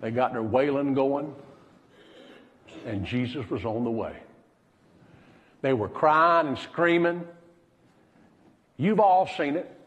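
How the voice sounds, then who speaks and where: A man preaching a sermon as pastor, pausing dramatically and dropping to a hush when he quotes someone. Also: mid-range voice, lively intonation, long reverb tail.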